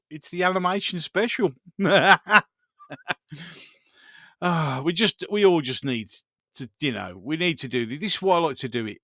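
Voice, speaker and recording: A man's voice: on the high side, sharp tone, dry recording, studio quality. A man hosting a casual live chat, greeting viewers and reminiscing with enthusiasm, often repeating himself and laughing. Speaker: livestream host.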